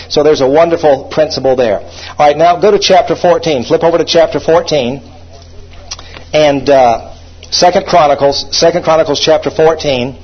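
Casting: male pastor delivering a sermon, emphatic, has the congregation repeat phrases, husky tone. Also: on the high side. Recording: dull lo-fi recording.

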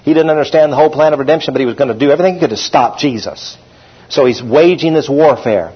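A man preaching a lively sermon as pastor, calling out to his congregation. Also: mid-range voice, fast, breathy edge. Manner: animated preaching, calls out to the congregation. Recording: dull lo-fi recording.

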